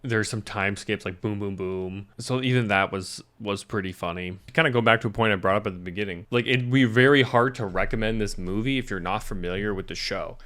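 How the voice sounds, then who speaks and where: A young man with a slightly low voice rambles casually through a film review. He drifts from point to point, swears freely and often breaks into laughter. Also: fairly quick, few pauses, a bit bright. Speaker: YouTuber reviewing an anime film. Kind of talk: casual chat.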